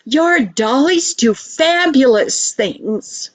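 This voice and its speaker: Older woman doing a kindly uncle, jolly n teasing, slow and gentle, dry close sound. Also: sits high, animated, no room sound, exaggerated voice. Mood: amused.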